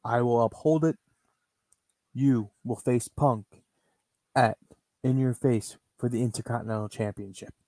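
A man's voice: medium pitch, steady tone, measured pace, pauses often, warm tone, no echo, close to an everyday voice. A man voicing a stern wrestling boss who hands down a decision curtly. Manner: curt and authoritative.

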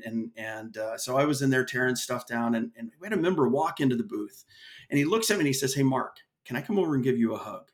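A guest on an interview podcast, this American association executive has a mid-range voice with a fairly bright tone. He comes across as earnest and storytelling, often starting his sentences over.

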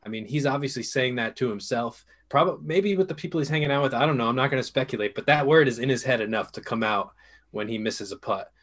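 A man's voice: mid-range voice, quick pace, fairly bright tone. A man co-hosting a casual sports podcast, rambling and repeating himself as he thinks aloud. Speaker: podcast co-host. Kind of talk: casual chat.

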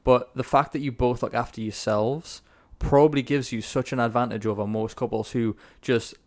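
A man's voice: mid-range voice, normal speed. Laid-back male podcast host. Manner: relaxed, rambling questions with fillers, swears casually. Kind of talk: casual interview.

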